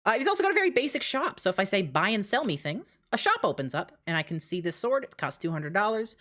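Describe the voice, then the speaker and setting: Laughing between phrases and short of breath, a young woman speeds through an excited walkthrough of her game mode on a live stream. Her pitch is medium.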